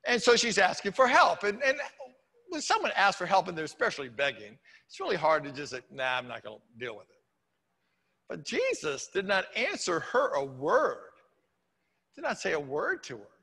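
A man's voice: sits high, gravelly, sharp tone, breathy edge, in a large hall. A man preaching a sermon as pastor in a church, talking conversationally with wry humorous asides. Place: church sanctuary.

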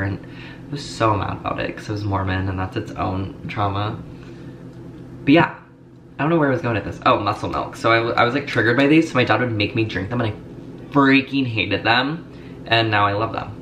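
A man's voice: fairly low pitch, fast. A young man chatting casually to camera in a vlog, rambling with lots of fillers. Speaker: vlogger. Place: Los Angeles, at home and in a car. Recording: home vlog with clear ambient noise.

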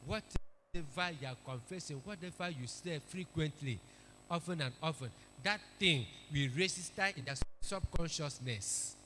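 A man's voice: fairly high pitch, moderate pace, sharp tone, slight background noise. A man preaching a sermon, emphatic, repeating key phrases and calling for amens. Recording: echoey hall with long reverb.

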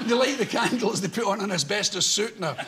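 An older Scottish man tells comic stories in a rambling, wry way, his voice riding very high and swinging widely. A loud hiss hangs over the television studio sound. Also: expressive, quick pace. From Scotland. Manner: rambling, wry, breaks into laughter. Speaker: guest. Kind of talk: comic chat show storytelling.

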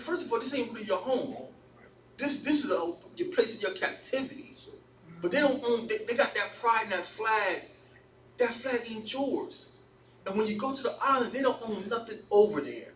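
A man with a strikingly high voice leads a casual Bible study, telling stories in an animated way and circling back over his words. He sits well away from the mic in an echoey room. A faint hiss runs underneath. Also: distant mic. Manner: animated, storytelling, repeats himself.

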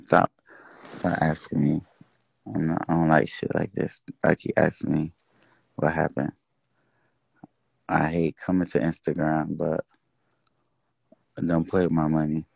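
A man's voice: very deep voice, level tone, measured pace, creaky, pauses often, a little mellow, breathy edge, no room sound. A man venting and swearing on a casual livestream. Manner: venting, exasperated, swears freely. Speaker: social media host. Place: indoors, livestream.

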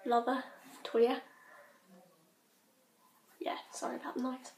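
A British teenage girl rambling casually in her bedroom, scattered and quick to giggle. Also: high voice, flat delivery, gravelly, darkish tone, a little hiss or hum. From Britain. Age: teens. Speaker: vlogger. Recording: roomy bedroom echo.

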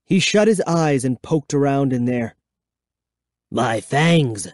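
A man reading a children's horror book aloud, giving expressive, measured first-person storytelling. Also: mid-range voice, dry recording, studio quality. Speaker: audiobook reader. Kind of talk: dramatic audiobook narration.

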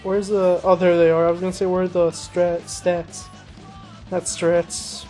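A little slow and high-pitched, a young man chats loosely while playing a racing game, teasing himself and exclaiming eagerly whenever something happens. It's casual let's-play commentary captured in a low-quality recording, with game music and car noise in the background.

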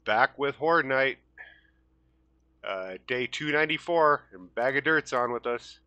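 A man hosting a relaxed gaming session, chatting casually with his co-player. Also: mid-range voice, a little slow, no room sound, muffled recording. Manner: relaxed, talkative. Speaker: host. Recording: light background metal music.

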